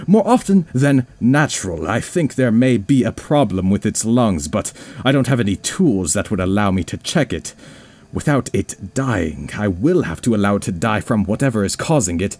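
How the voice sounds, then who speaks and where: A let's play gamer with a fairly low, slightly mellow male voice gives playful, mock-scared commentary over a horror video game playthrough, joking and talking to himself as he goes.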